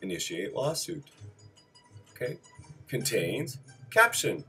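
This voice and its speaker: A man's voice: mid-range voice, sing-song, slow pace, creaky, bright, forceful tone, soft background music, low-quality recording. A man reading out terse study notes on civil procedure as a list, with wry asides and apologetic backtracking. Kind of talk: reading lecture notes aloud.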